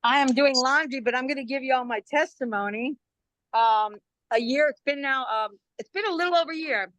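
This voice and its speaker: A woman in her sixties, talking from home, tells her story in a bright, forceful voice set a little high. She is chatty and animated and acts out the quoted lines with big leaps in pitch. The sound is dry and close. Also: a little fast, no echo. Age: 60s. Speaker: guest giving a testimony. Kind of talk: animated personal testimony on a call. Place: at home doing laundry.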